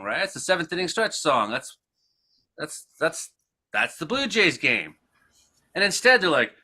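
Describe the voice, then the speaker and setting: Lively, bright-voiced man telling a rambling story. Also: a little high, moderate pace. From Canada. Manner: rambling, profane, laughs often, acts out shouted quotes. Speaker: podcast host. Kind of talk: casual storytelling chat.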